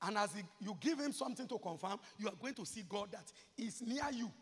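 A man preaching a sermon as pastor, moving from murmured asides to shouted, repeated chants. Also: high-pitched, lively intonation, fairly quick, breathy edge. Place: large church hall. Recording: reverberant church hall.

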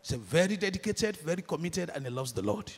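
Impassioned Nigerian preacher, husky and lively. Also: male voice, on the high side, a little fast. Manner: impassioned, swings from shouted declarations to hushed storytelling. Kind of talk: sermon with storytelling. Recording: long hall reverb.

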